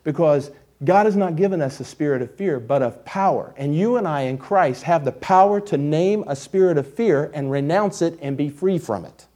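A middle-aged man preaching a sermon, telling a personal story with emphatic, storytelling delivery that drops to quiet intensity. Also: a little high, moderate pace. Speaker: pastor.

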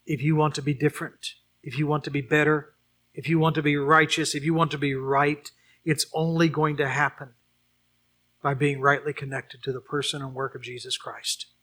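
A man's voice: fairly high pitch, level tone, normal speed, fairly bright tone. A man preaching a sermon and leading a closing prayer, earnest and building to emphatic repeated questions. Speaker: pastor.

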